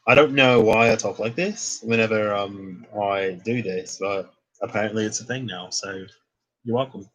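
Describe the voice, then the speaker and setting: A man's voice: on the low side, normal speed, slightly rough. A young man giving a casual, rambling tarot reading, thinking aloud and restarting his phrases often. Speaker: tarot reader.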